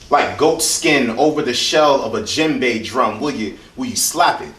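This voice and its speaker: A man's voice: mid-range voice, fairly bright tone. A man performing spoken word poetry at a live reading, building rhythmic, repeated questions that rise and fall sharply in force. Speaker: featured poet. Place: hotel event room, indoors. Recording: echoey room, voice from far off.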